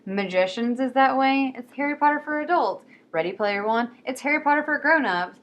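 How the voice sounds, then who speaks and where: A woman talking casually and excitedly about books, quick and swearing freely. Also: high voice, dull audio. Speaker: book vlogger. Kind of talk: casual chat.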